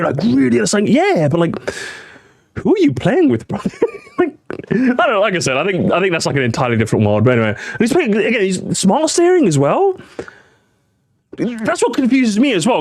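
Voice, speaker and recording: A British man streaming live, reacting to videos and chatting to his viewers in a rambling, animated way. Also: high voice, no echo. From Britain. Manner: animated, chatty, repeats himself, addresses chat. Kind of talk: casual live-stream commentary.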